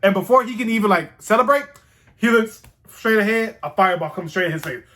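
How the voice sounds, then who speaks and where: Excitable high-voiced man rambling casually. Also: a little fast. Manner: animated, excitable, swears freely. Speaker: show host reviewing a TV series.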